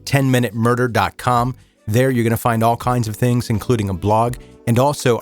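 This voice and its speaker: A man hosting a true crime podcast, telling the story in a measured, somber way and chatting casually with listeners. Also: medium pitch. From American South. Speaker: podcast host.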